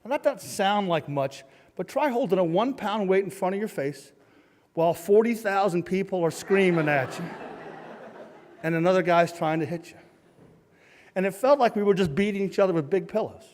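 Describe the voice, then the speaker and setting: A middle-aged man telling a comic true story on a live stage, self-mocking and punchy, acting out shouts and sound effects. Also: high voice. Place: large hall, live stage. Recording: long hall reverb from a live stage.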